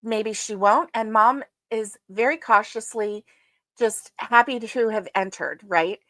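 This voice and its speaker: A woman's voice: fairly high pitch, a little slow, fairly bright tone, dry recording. A woman hosting a casual livestream, chatting and rambling with many fillers and greeting her viewers. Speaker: livestream host. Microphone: streaming setup.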